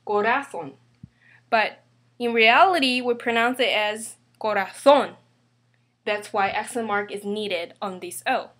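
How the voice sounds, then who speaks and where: A woman teaching a grammar lesson, slowly and carefully spelling out each example. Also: on the high side, fairly bright tone. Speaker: Spanish teacher.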